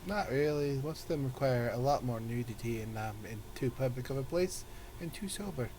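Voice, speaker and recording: A man's voice: medium pitch, fairly quick, darkish tone, slight background noise. Laid-back joking male player. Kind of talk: casual chat.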